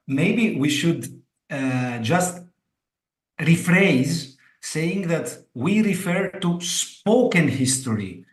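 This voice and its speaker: A man hosting a live online discussion over a video call, speaking haltingly with many fillers. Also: mid-range voice, roomy sound.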